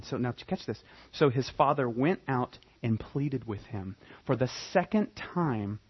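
A man preaching a sermon, telling the story with animated, dramatic emphasis. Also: medium pitch, husky. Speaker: pastor. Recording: dull lo-fi recording.

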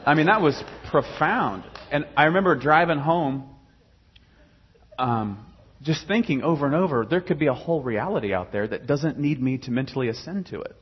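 A man's voice: a little high, lively intonation, normal speed, slightly rough, muffled recording. A young adult man casually telling his personal faith story, rambling with many fillers and restarts.

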